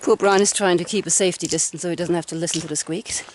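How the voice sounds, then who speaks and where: A woman's voice: lowish voice, steady tone, quick pace, a little hiss or hum. Chatty woman vlogging on a mountain trail. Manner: chatty, laughs often. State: cold from icy water. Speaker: hiking vlogger. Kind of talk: casual trail vlog narration.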